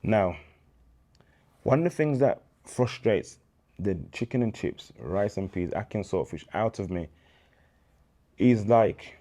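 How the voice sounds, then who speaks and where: This is a man with a Birmingham accent whose voice sits very low and sounds dark and mellow. He talks in a relaxed, casual interview manner, but his storytelling turns lively and preacher-like, full of slang. He comes across as a man in his thirties. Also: a little slow. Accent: Birmingham English. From England. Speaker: guest, charity founder.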